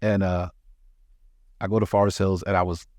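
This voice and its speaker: A male comedian from New York City telling his life story in a casual podcast chat, animated and profane, acting out the people he quotes. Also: low voice, normal speed, no echo, clean studio sound. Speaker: touring comedian, podcast co-host.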